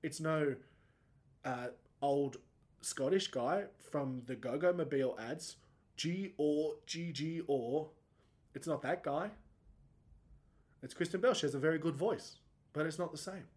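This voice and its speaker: Male podcast host, 30s, rambling and self-deprecating, slightly high voice that breaks when emoting. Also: measured pace, pauses often, a little mellow. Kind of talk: solo podcast monologue.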